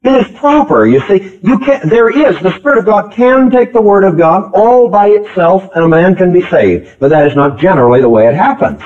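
Emphatic preacher on a tinny tape. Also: male voice, high voice, animated, a little fast, few pauses. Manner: emphatic, repeats phrases, calls out to the congregation. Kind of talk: sermon. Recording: tinny phone-like old tape recording.

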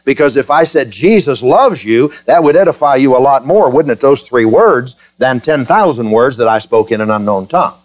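A man preaching a sermon to his congregation, joking with them in a chatty way and then building to fervent, emphatic preaching. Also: fairly high pitch. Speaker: pastor.

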